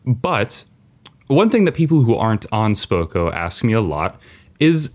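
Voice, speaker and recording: Lively joking male podcast host. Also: mid-range voice, measured pace. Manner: upbeat, joking, leads the questions. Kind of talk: casual podcast chat.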